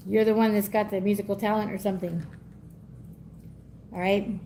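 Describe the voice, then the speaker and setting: A woman giving a live energy reading in a chatty, effusive way, laughing often and going soft and teary when moved. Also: medium pitch, level tone, normal speed, pauses often, a little hiss or hum. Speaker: tarot reader.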